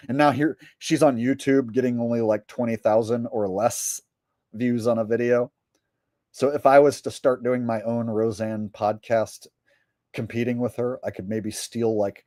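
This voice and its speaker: A man's voice: mid-range voice, warm tone, no room sound. A man, a comedian, chatting casually on a livestream, rambling and joking as he reads viewer messages. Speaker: comedian and streamer.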